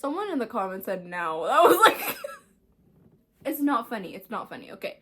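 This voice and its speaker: A woman hosting a casual news commentary video, chatty and animated, with laughing asides and the odd swear. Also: fairly high pitch, moderate pace, slight background noise. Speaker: host.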